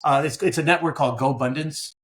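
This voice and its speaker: A man's voice: fairly high pitch, quick pace. A man from Queens, a guest in a conversational interview, telling stories and acting out dialogue. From Queens, New York. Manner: animated storyteller, acts out dialogue. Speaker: guest, business buyer.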